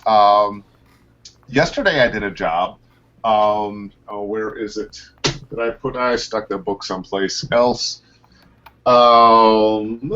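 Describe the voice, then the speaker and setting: A man, a voice actor, chats about his work in a lively way. His pitch swings high and low as he tells stories. His voice comes through a muffled, dull video call line. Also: unhurried, a little hiss or hum. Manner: animated storyteller, pitch leaps up and down. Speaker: voice actor guest. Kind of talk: casual interview over a video call.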